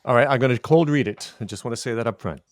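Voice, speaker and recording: A man co-hosting a podcast, dropping in wry, quick remarks. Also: mid-range voice, dry recording, clean studio sound. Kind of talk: casual podcast chat.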